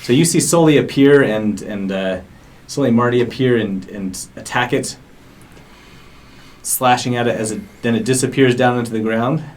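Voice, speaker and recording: A man's voice: mid-range voice, normal speed. A man narrating as game master of a tabletop game, with frequent fillers and restarts. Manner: hesitant, many fillers and restarts. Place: game store. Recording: live stream mic with faint background noise.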